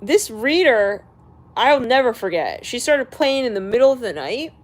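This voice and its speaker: A woman's voice: a little high, very animated, normal speed. A woman hosting an astrology channel, ranting casually and bluntly to her viewers, swearing freely and laughing between remarks.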